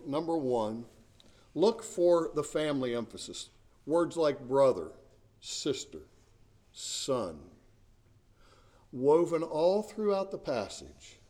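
A man's voice: a little high, a little mellow. A middle-aged male pastor preaching a sermon in an earnest, emphatic way, often repeating words as he searches for the next phrase.

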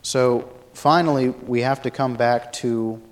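A man giving a Bible study lecture, explaining a passage thoughtfully and pausing often to search for words. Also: mid-range voice, fairly even intonation. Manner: thoughtful, many fillers and restarts, explanatory. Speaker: Bible teacher.

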